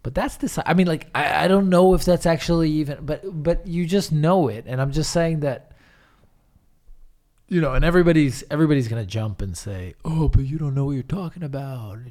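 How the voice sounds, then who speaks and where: A man's voice: a little high, a little fast, a little mellow. A man co-hosting a podcast in casual chat, blunt and emphatic, swearing freely. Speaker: podcast co-host.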